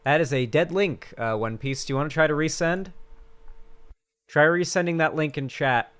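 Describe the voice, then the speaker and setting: A man's voice: a little high, normal speed, fairly bright tone, clear, resonant tone. A man streaming live, chatting casually with his chat in a rambling, crude, sarcastic way.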